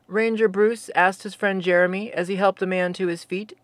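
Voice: medium pitch, fairly even intonation, moderate pace, no room sound. A storyteller narrating a tale casually, with wry, teasing asides to the listener.

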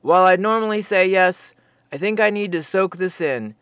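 A man's voice: high voice, normal speed, fairly bright tone, smooth, dry recording. A narrator voicing a male forestry worker, stammering and incredulous. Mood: amazed.

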